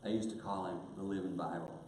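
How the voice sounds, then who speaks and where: An older man telling a personal story in a sermon, earnest, growing hushed at painful moments. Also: low-pitched, steady tone, fast talker. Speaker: guest speaker. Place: church auditorium. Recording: very echoey church hall, faint hiss.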